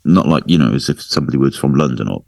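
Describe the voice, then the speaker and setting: A man's voice: a bass voice, animated, fast, creaky, darkish tone, dry recording, studio quality. A man from Newport with a Welsh accent, co-hosting a casual podcast, hesitant and often restarting his sentences. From Newport, Wales. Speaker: podcast co-host. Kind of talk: casual chat.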